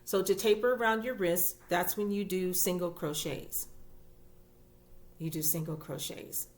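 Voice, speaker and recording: A woman's voice: on the low side, fairly even intonation, measured pace, a little hiss or hum. A woman crochet vlogger talking casually as she shows her work, chatty and gushing, with fillers and repeats. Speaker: crochet YouTuber. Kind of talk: casual show-and-tell vlog.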